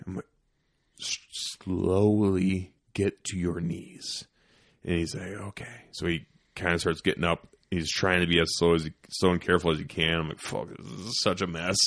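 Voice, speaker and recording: A man hosting a podcast, telling a hunting story in casual chat, profane and animated, dropping into whispers for quoted lines. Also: low-pitched, no echo, clean studio sound. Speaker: podcast host.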